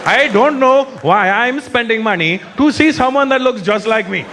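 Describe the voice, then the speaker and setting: A man doing live stand-up in a big arena, his high voice swinging wildly up and down as he jokes. He talks brashly, swears freely and drops into mocking impressions. Loud crowd laughter and steady background noise fill the recording. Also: moderate pace. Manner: brash, profane, switching into mocking character voices. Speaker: stand-up comedian. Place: large arena in front of a live audience.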